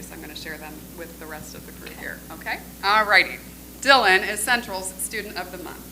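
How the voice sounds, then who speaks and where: A woman's voice: mid-range voice, background noise. A woman filling in for the principal at a school board meeting, joking a little and reading teachers' notes about a student. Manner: chatty and joking, drops quieter while reading. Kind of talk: reading award tributes at a meeting.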